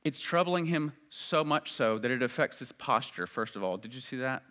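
A man preaches a sermon in a bright, forceful tone at normal speed, his pitch average for a male. He is animated and earnest, and his voice swells loud and high whenever he drives a point home.

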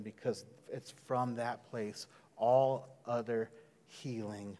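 A man preaching a sermon in a conversational way, dropping to a hush and then rising loud. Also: mid-range voice, fairly even intonation, takes it slowly. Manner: conversational, swings from hushed to loud. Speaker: pastor. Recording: long hall reverb.

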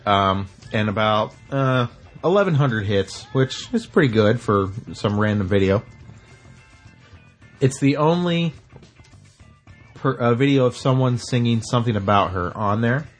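A man co-hosting a podcast, telling a rambling story in casual chat and often clearing his throat. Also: mid-range voice, lively intonation, measured pace, pauses often, soft background music. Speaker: podcast co-host.

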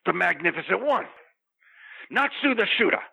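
A man playing a boastful wrestler persona, delivering a grandiose, threatening comedic promo rant with a raspy voice. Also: high voice, lively intonation, moderate pace, pushed and bright, full character voice, rough recording.

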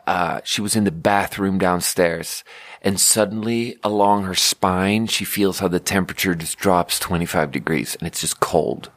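A podcast host in his thirties delivers a rambling comedic storytelling monologue, full of sarcastic asides and constant self-corrections. His voice sits low, and the studio-quality recording has no echo.

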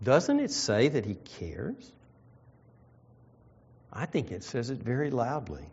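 A man preaching a sermon, reading scripture and slowing down to stress key phrases. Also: medium pitch, huge pitch swings, a little mellow, slightly rough. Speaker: pastor. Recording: dull lo-fi sound.

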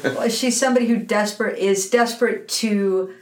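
A woman co-hosting a podcast, retelling film scenes in an animated way and mimicking the characters. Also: mid-range voice, moderate pace, roomy sound, far from the mic. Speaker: podcast co-host. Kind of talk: casual film discussion.

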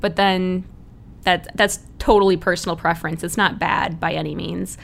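A woman co-hosting a casual podcast chat, talking quickly and laughing often. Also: fairly low pitch, fairly even intonation, vocal fry. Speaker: podcast co-host. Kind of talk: casual chat about comics.

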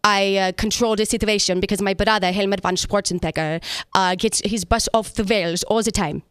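A woman's voice: mid-range voice, steady tone, moderate pace, a bit bright, clear, resonant tone, no room sound, clean studio sound, natural voice. A woman voicing a campy, kinky German band leader with a put-on German accent, acting bossy and full of innuendo.

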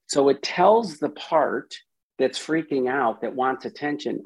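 A man's voice: mid-range voice, lively intonation, a little slow, husky, dull audio. A man, a psychiatrist guest on a podcast, explaining with animation and acting out inner voices as quotes.

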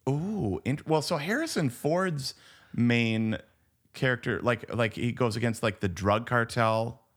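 A man's voice: medium pitch, unhurried. A man co-hosting a movie podcast in casual chat, enthusiastic and rambling, full of "like" and restarts. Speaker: podcast co-host.

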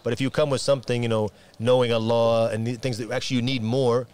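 Fast-talking preacher man. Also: medium pitch, clear, resonant tone. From America. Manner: rapid, animated, with frequent restarts and Arabic phrases. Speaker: imam and preacher. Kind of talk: casual podcast conversation.

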